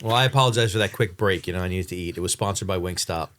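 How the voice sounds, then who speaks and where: A man co-hosting a podcast, joking in casual chat with quick interjections. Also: low voice, a bit bright. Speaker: podcast co-host.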